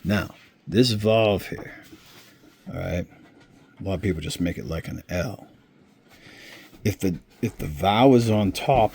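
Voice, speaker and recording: Slow gravelly-voiced man teaching. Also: low voice, a little mellow, a little hiss or hum. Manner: slow, unhurried explaining with frequent check-ins. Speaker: Bible teacher. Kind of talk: informal screen-share teaching.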